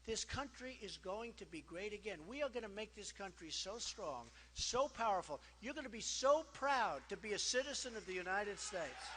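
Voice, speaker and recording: A man's voice: high-pitched, lively intonation, moderate pace, hardly any pauses, bright, forceful tone, slight background noise. A man giving a campaign rally speech in a boastful, repetitive, conversational way, with many asides. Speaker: political candidate. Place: large rally hall. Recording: long hall reverb from PA.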